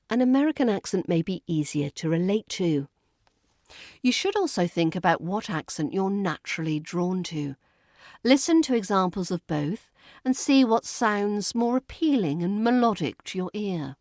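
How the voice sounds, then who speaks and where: A woman with a British accent teaching a pronunciation lesson, saying each word slowly and deliberately. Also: medium pitch, lively intonation, darkish tone, no room sound, studio quality. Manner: slow, deliberate, stresses each word clearly.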